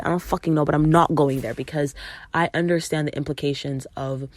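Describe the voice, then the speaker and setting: Low-voiced woman telling a story. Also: fairly even intonation, brisk. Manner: emphatic, swears freely, acts out dialogue. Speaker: podcast host. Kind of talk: casual storytelling monologue.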